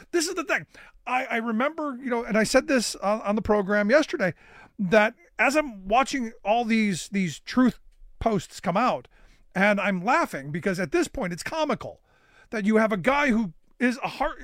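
A man hosting a political talk radio show, delivering sarcastic, animated commentary with many filler "uh"s into a studio microphone. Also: high-pitched, no room sound.

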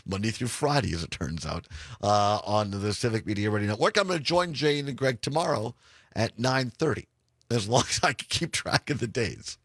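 A man hosting a casual afternoon radio talk show from a studio, speaking with a hoarse voice, chatty and quick to laugh. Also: medium pitch, lively intonation, fairly bright tone, dry recording. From Wisconsin. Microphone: studio microphone.

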